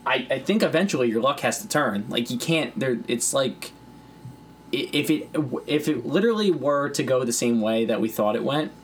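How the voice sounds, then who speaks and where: A man's voice: mid-range voice, expressive, moderate pace, a little hiss or hum. A young man co-hosting a podcast in casual chat, rambling, swearing freely and laughing often. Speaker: podcast co-host.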